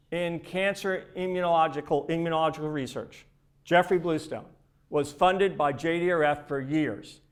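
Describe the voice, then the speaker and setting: A man giving a live keynote speech from a conference stage, speaking emphatically and conversationally, often repeating words. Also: fairly high pitch. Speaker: keynote speaker for a research charity. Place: conference stage before an audience.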